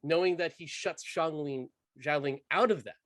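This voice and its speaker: A man co-hosting a casual film podcast, animated and enthusiastic, full of fillers and restarts. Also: fairly high pitch, normal speed, no room sound, studio quality. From United States. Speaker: podcast co-host.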